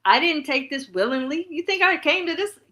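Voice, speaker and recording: A woman's voice: sits high, animated, pushed and bright. A woman hosting a casual chat, often answering briefly and laughing along. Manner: quick agreeing replies, laughs along. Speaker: host.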